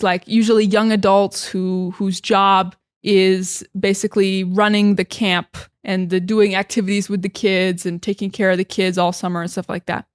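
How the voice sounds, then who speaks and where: American woman, young adult, casual English teacher, chatty, dry close sound, mid pitch. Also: smooth, no room sound. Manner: chatty, many fillers and restarts. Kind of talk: casual podcast-style teaching.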